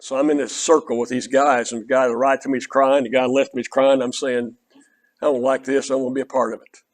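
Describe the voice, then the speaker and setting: A man's voice: medium pitch, level tone, fast. An older man with an Oklahoma Southern accent, preaching an earnest, conversational sermon that is built around a personal story. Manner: earnest, conversational, quotes others in dialogue.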